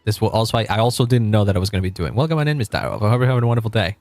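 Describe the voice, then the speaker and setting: A man's voice: fairly low pitch, lively intonation, very fast, a little mellow, no room sound. Chatty, laughing man in his late twenties. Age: 20s. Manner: chatty, rambling, laughs often. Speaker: streamer. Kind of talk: casual live-stream chat while gaming.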